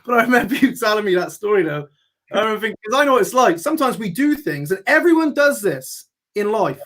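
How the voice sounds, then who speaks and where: A man's voice: high-pitched, sing-song, fast, fairly bright tone. A man hosting a casual talk show, chatty and swearing, often laughing as he talks. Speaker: host. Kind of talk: casual chat.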